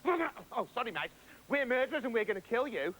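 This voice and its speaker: Bloke voicing a dumb loud thug, bickering, highish. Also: male voice, very animated, fast, exaggerated voice, rough recording. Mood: exasperated. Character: dim, bickering hired murderer man.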